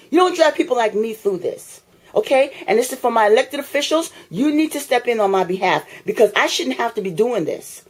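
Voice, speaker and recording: This woman talks briskly in a fairly high voice with lively intonation. She's a fed-up tenant indoors in her apartment, recording an angry direct-to-camera rant on her phone, repeating herself, swearing and confronting whoever will watch.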